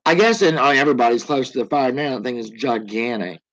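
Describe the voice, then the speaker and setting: A woman's voice: extremely low pitch, lively intonation, fast talker, dull audio. A woman in her forties hosting a livestream in casual chat, joking and swearing freely as she rambles. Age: 40s. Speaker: livestream host.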